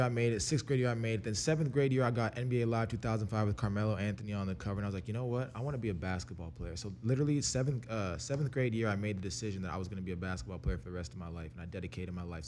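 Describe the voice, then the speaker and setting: Fast-talking young man, low voice. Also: slight background noise. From Canada. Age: young adult. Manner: fast, energetic, profane storytelling. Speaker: interview guest, rapper. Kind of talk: casual storytelling.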